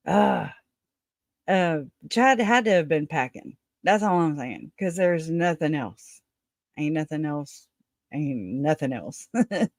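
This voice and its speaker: A woman's voice: deep voice, a little mellow, dry recording, clean studio sound. A woman hosting a casual livestream, rambling, chatting with viewers and laughing often. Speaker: livestream host.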